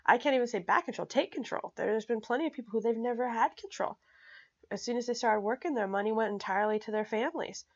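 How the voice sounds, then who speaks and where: A woman explaining personal finance in a casual, energetic way, often checking in with "okay?" and speaking bluntly and emphatically. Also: fairly high pitch, fast talker, dull audio. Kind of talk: casual explanatory talk to camera.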